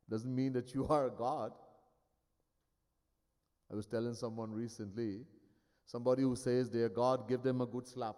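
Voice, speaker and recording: A man's voice: mid-range voice, steady tone, moderate pace, long pauses, dark tone. Man preaching in a reverberant hall. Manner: storytelling, emphatic, wry. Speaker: swami, spiritual teacher. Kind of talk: sermon. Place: ashram hall.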